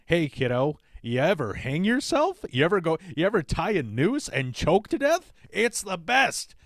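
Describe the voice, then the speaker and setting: A man's voice: a little high, big pitch swings, moderate pace, dry recording, studio quality, voice pushed up. A man mimicking a spiteful, self-pitying older mother. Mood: mocking.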